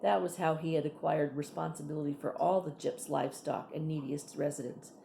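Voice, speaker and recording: A woman reading a novel aloud in an unhurried way, stopping now and then for asides to her listeners. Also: deep voice, fairly even intonation, vocal fry, warm tone, echoey room, slight background noise. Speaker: reader.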